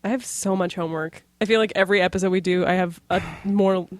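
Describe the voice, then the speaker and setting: A woman's voice: fairly low pitch, fairly even intonation, fast talker, dry recording, clean studio sound. Giggly, playful woman podcast co-host. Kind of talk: casual chat.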